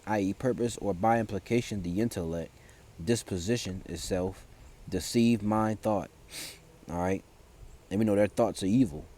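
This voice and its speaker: A man preaching in an informal style, reading scripture and news aloud and then explaining it in loose, halting speech full of fillers and restarts. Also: on the low side, dark tone, slight background noise. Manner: reads verses aloud, then explains them.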